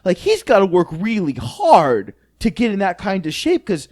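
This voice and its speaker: A man hosts a casual podcast in loose, rambling talk. He trips over his words and laughs often. His voice sits high and jumps around a lot. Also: huge pitch swings, normal speed, a little mellow. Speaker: podcast host.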